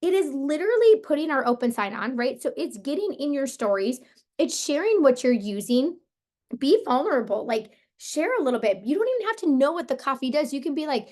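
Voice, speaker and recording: A woman with a hoarse, partly lost voice, coaching her sales team on a motivational call in a casual, upbeat way, full of "like" and "you guys". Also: high-pitched, expressive, fairly quick, darkish tone. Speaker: team leader coaching sellers.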